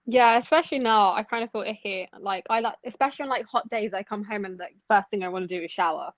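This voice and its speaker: A woman's voice: medium pitch, no room sound. A young woman co-hosts a podcast, talking chattily and restarting her sentences. The recording is dull and lo-fi, with a dry, close sound. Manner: chatty, animated, with halting restarts. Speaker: podcast co-host. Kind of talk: casual chat.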